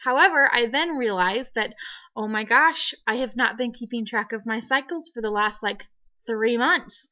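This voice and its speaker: Young woman, casual vlog storytelling, giggly and animated, fairly high voice, muffled lo-fi sound. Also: normal speed. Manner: giggly, animated, frequent laughs. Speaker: vlogger. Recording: dull lo-fi home video audio.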